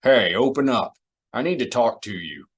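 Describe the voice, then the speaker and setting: A man's voice: mid-range voice, animated, moderate pace, husky. A man voicing a wry, sarcastic middle-aged smuggler in an audiobook, talking dry and blunt.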